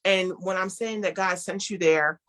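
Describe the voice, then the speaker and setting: Woman telling her story with animated quotes. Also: lowish voice, normal speed. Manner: speaks of herself as an introvert. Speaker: guest, clothing designer. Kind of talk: storytelling interview talk.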